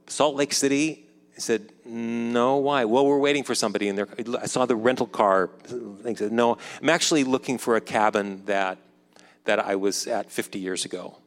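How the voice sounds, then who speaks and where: Man in his fifties telling a story in a big hall. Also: mid-range voice. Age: 50s. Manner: conversational, acts out quoted dialogue, drops softer when reflective. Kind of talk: personal storytelling. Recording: long hall reverb.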